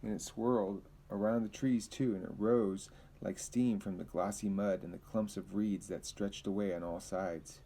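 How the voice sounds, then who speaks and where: A man's voice: fairly low pitch, fairly even intonation, moderate pace, hardly any pauses, dark tone, rough recording. A man reading a novel aloud in a plain, conversational way, sometimes stumbling over words and adding casual comments. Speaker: reader.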